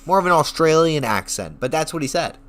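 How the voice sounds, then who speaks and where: Man, streamer, casual rant, profane, rambling, slightly high voice. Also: brisk. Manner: excitable, profane, rambling storytelling. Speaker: online streamer.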